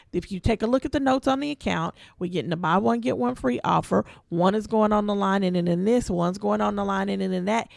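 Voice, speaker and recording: A woman co-hosting a podcast, spinning a story in loose, everyday talk. Her voice sits in a middle pitch with a gravelly fry, and she slips into the voices of everyone she quotes. The sound is close and dry, with no room echo. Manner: animated storyteller who acts out quoted voices; informal, colloquial speech. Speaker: podcast co-host. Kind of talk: casual storytelling chat.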